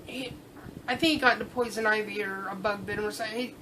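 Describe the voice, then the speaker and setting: A woman's voice: medium pitch, fairly even intonation, quick pace, sharp tone, a little hiss or hum, poor audio. A tipsy woman chatting casually as she shows off a haul, gushing and thinking aloud with fillers and restarts. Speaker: vlogger showing a haul. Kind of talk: casual vlog chat.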